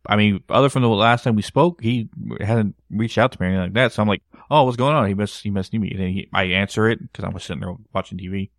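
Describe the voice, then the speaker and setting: A man's voice: lowish voice, fast talker, hardly any pauses, dry recording, studio quality. A man paranormal investigator telling a story in casual podcast chat, acting out quotes. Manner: animated storyteller, acts out quotes.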